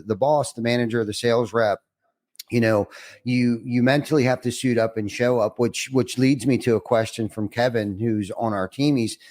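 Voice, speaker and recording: Brief: earnest male podcast host, mid-pitch, halting restarts. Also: a little mellow. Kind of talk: casual podcast interview.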